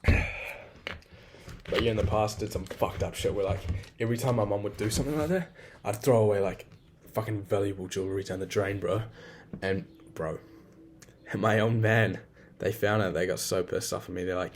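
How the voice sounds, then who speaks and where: Rambling young man with a lowish voice. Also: normal speed, a little hiss or hum. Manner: rambling, swears a lot, frank and self-deprecating. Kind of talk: casual personal monologue.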